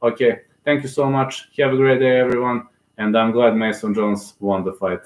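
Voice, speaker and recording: A man streaming his own live commentary on a fight. He calls each strike with fervent, partisan energy and cheers his fighter on. His mid-pitched voice rings in an echoey room. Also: little pitch movement, moderate pace. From Serbia.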